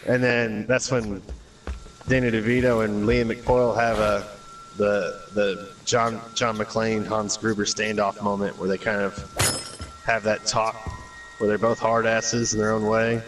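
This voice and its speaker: A man's voice: on the low side, little pitch movement, unhurried. A man streaming a game, chatting casually in a rambling, profane storytelling way. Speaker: gaming streamer. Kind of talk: casual chat while gaming. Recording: voice over loud game music.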